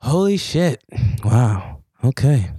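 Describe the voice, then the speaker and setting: Animated, laughing podcast host man. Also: takes it slowly, breathy edge, no echo. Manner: animated, laughs often, jumps up in pitch when excited. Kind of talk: casual chat.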